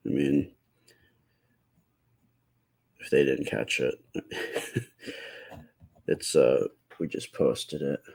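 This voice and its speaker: A man hosting a live stream, chatting casually and answering viewer comments with a slightly stuffy nose and a halting, rambling way of talking. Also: a bass voice, mellow. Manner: rambling, halting, many fillers and restarts.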